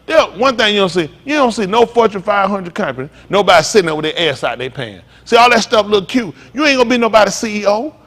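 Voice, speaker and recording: High, animated, blunt male preacher. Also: quick pace, few pauses. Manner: blunt, profane, mocking; heated preaching. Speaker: pastor. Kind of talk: sermon.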